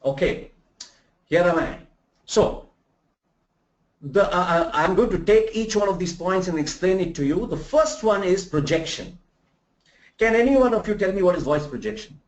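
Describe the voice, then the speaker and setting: A man from India giving a live remote soft skills lecture, animated, asking the audience rhetorical questions and demonstrating examples. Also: high voice, normal speed, pauses often. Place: room in Bangalore. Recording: roomy, dull lo-fi sound.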